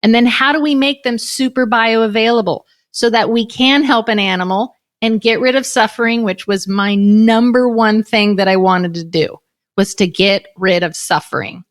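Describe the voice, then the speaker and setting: A woman's voice: on the high side, moderate pace. A woman hosting a podcast interview, making her points emphatically and passionately, often in long lists. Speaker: podcast host.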